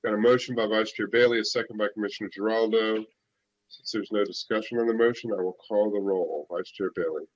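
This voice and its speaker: A man's voice: on the low side, steady tone, fast, no room sound, highs cut off. A man chairing a public planning board meeting, running through procedure steadily with filler uhs. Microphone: virtual call.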